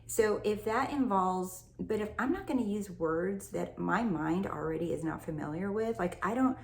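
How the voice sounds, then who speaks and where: A woman's voice: medium pitch, normal speed, creaky. A woman from California, a self-help coach, talking casually and emphatically to her viewers, swearing freely. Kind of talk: casual teaching monologue. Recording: echoey room, faint ambience.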